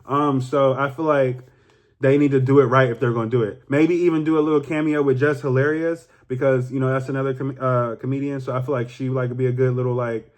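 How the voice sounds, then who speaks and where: A young man, casually talking through a vlog with animated, rambling, profane speech full of fillers. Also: medium pitch, fast talker. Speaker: YouTuber.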